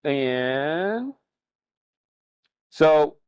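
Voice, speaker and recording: A man's voice: a little high, drawn-out words, clear, resonant tone, no echo, highs cut off. A man demonstrating a recipe as a chef, talking easily with many fillers and restarts. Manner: relaxed, hesitant with fillers and restarts. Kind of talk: cooking demonstration.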